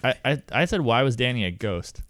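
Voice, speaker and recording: A man's voice: mid-range voice, animated, fairly quick, a bit bright, dry recording. A man co-hosting a casual podcast, chatting and laughing as he recaps an episode and quotes the characters. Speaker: podcast co-host.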